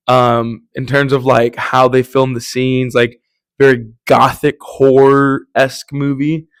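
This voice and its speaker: A young man hosts a casual solo podcast, rambling and joking with plenty of fillers and restarts. His voice is mid-range, and the recording is dry with clean studio sound.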